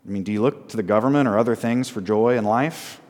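A man preaching a sermon as pastor, often asking the congregation questions and repeating short phrases slowly for emphasis. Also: fairly low pitch, a little mellow, in a large hall. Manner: asks the congregation frequent call-and-response questions.

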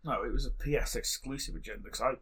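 A man co-hosting a comedy podcast, dry and grumpy with a deadpan delivery. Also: medium pitch, quick pace, breathy edge. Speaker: podcast co-host. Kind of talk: improvised comedy podcast chat.

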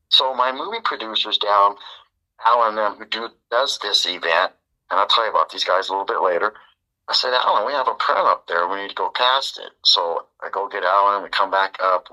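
A man, a podcast guest, telling a story in a casual, animated way and acting out the dialogue. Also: lowish voice, low-quality recording. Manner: animated, acts out quoted dialogue.

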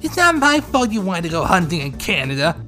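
A bubbly young vampire woman who never stops nagging, put on by a man. She pleads in a thin, piercing squeak far above ordinary speech. It's a high, demanding sound from a fan story read aloud. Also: sing-song, a little fast, sharp tone, soft background music, heavily acted. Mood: snappy. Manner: begging, high and shrill.

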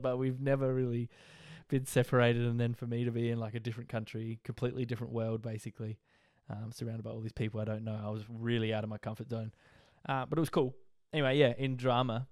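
Young Aussie male host, smooth dry voice, rambling and easygoing. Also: mid-range voice, a little mellow, no echo. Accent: Australian. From Australia. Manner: rambling, laid-back, frequent fillers and laughs. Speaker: podcast host. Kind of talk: casual life-story monologue.

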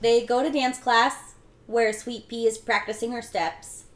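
In a casual film recap chat, a young podcast co-host chattily walks through a movie's story, using lots of fillers. Her voice is on the high side with fairly even intonation, at a measured pace, in a room with an echo.

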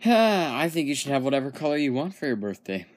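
A man's voice: mid-range voice, sing-song, brisk. A young man with the hiccups chatting casually as a podcast co-host, teasing and rambling through a story. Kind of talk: casual chat.

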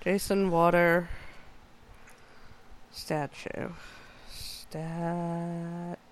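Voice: mid-range voice, flat delivery, drawn-out words, slight background noise. A podcast co-host chatting casually, mostly giving brief reactions and reading search results aloud. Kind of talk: casual chat.

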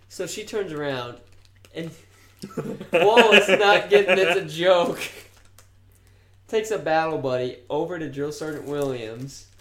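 A man's voice: on the high side, a bit bright. Profane young man, roomy echo. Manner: rambling, profane, laughs at his own stories. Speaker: podcast co-host. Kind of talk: casual chat, storytelling.

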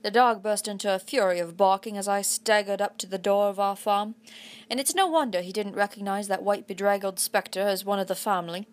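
A woman narrating a children's adventure story aloud in a put-on English accent, with a steady storytelling delivery. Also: mid-range voice, a little fast. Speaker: audiobook reader.

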